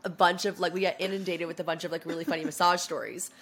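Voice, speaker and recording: Fast-talking congested young woman. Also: fairly low pitch, steady tone, a bit bright, a little hiss or hum. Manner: chatty, peppered with "like", acts out quotes. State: congested, low on voice from a cold. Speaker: podcast co-host. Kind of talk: casual chat.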